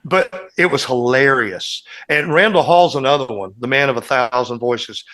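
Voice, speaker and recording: A man's voice: mid-range voice, normal speed, fairly bright tone. Man rambling through road stories. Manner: rambling anecdotal storytelling, acting out quotes. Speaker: guest musician telling band stories. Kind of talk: casual podcast chat.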